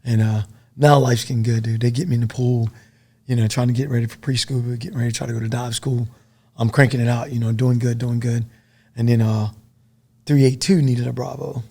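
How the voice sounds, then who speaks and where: A middle-aged man and former soldier, a podcast guest telling stories in a casual, profane, animated way. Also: mid-range voice, fairly quick, gravelly. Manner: profane, animated storytelling full of dude and man.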